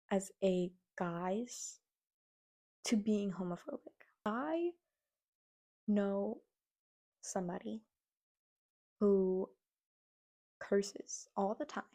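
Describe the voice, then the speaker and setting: Mellow-voiced young woman ranting casually. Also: mid-range voice. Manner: animated, exasperated, mocks others in quoted voices. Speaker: vlogger. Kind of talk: casual opinion rant to camera.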